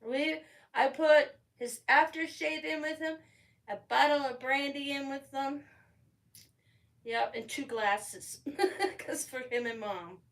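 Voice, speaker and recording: A woman's voice: sits high, takes it slowly, a bit bright, recorded from a distance. A middle-aged woman telling stories in a casual live-stream chat, laughing often as she talks. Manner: chatty storyteller who laughs often. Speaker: craft channel host.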